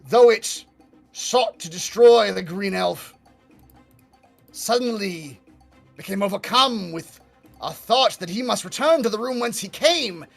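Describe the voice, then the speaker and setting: A man's voice: high voice, gravelly, a bit bright, pitched above the performer's own voice, full character voice. A man doing a solemn adventurer's storybook voice. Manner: grand storybook narration, slightly put-on accent. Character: male adventurer writing in a book, solemn.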